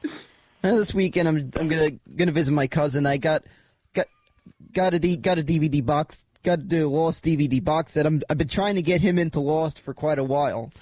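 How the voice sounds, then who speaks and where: A man co-hosting a radio show, answering in halting, stumbling bursts. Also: a little high, a little mellow, no echo. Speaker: radio co-host.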